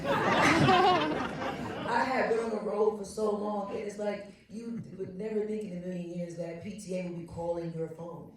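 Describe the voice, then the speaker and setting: A woman actor on a panel telling stories in a lively way and laughing often. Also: mid-range voice, measured pace, a crowd in the background. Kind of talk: animated anecdote telling. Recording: echoey hall, mic far off.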